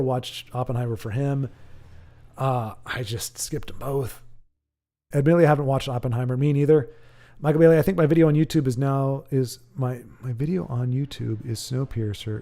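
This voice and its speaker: A man hosting a casual livestream, reading viewer comments aloud and rambling off on animated tangents with lots of restarts. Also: mid-range voice, normal speed. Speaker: livestream host.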